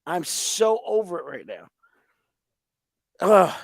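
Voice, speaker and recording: Gravelly, heated man ranting on a podcast. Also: high-pitched, lively intonation, takes it slowly, no room sound, studio quality. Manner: heated, profane, exasperated ranting. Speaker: podcast host. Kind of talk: profane ranting podcast chat.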